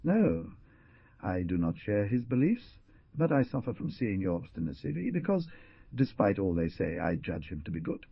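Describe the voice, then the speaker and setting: A man's voice: on the low side, big pitch swings, moderate pace, vocal fry, slightly rough, dry recording, lo-fi sound, exaggerated voice. A man voicing an earnest, compassionate young woman, with a raised, pleading delivery. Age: young adult.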